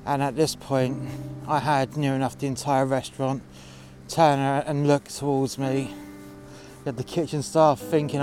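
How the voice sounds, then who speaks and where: A man tells a story from his day at work in a blunt, sweary voice, his pitch sitting in a middle range. He drips sarcasm and acts out what everyone said. Clear music plays behind him. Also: flat delivery, normal speed, a little mellow. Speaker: narrator of a workplace story. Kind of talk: storytelling monologue.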